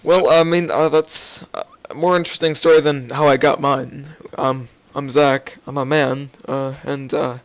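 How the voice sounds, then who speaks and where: A man's voice: medium pitch, little pitch movement, unhurried, hardly any pauses, no room sound. A young man hosting a casual interview, joking crudely and filling gaps with ums and uhs. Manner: crude joking banter, filler-heavy. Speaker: podcast host.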